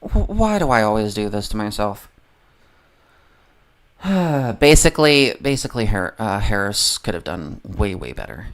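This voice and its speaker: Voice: mid-range voice, sing-song, a little slow, long pauses. A livestreamer ranting casually about politics, heavily profane and rambling, often losing the train of thought.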